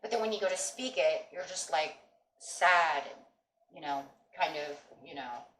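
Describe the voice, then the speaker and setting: Low-voiced woman giving a reassuring tarot reading. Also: a little slow, long pauses, fairly bright tone. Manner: reassuring, repetitive with frequent "okay?" and "you know". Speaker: tarot reader. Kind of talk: casual tarot reading to viewers. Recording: echoey room with faint background noise.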